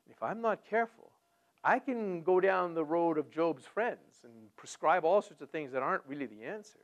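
A man delivering a sermon in a fairly high, very lively voice. He swings from near-whispers to loud, pressing lines, often repeating words as he builds toward a point. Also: normal speed. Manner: animated, swinging from hushed to loud. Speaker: pastor.

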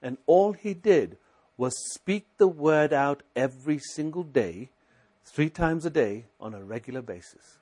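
A man's voice: on the high side, expressive, measured pace, darkish tone. A male preacher delivers a sermon, voice sitting a little above the usual male range. He drives his points home through repetition and constant questions to the room, mixing in recited scripture. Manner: exhorting, repetitive, rhetorical questions.

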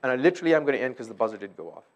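Animated male pastor preaching. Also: mid-range voice, very fast. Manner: animated, swings from loud emphasis to hushed tones. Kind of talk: sermon.

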